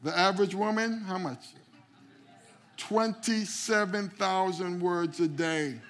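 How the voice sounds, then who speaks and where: Preaching pastor, high-voiced man. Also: slow pace, a bit bright. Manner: preaching with call-outs to the congregation; repeats words at the start of phrases. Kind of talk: sermon. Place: church sanctuary.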